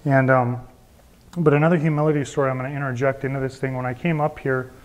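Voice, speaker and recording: A man in his thirties, an evangelist, earnestly giving his personal testimony to a group, often dropping to quieter confessional asides. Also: medium pitch, steady tone, fast.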